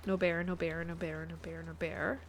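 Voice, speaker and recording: A woman's voice: fairly low pitch, level tone, normal speed, a little hiss or hum. A woman, chatting casually to her viewers while playing a game on a live stream and thinking aloud. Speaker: guest streamer.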